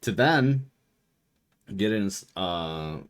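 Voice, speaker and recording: The let's play streamer's low voice has a clean tone, and he draws out his words. In casual chat on his game stream, this young man swears freely through an animated, lengthy story, voicing the people he quotes.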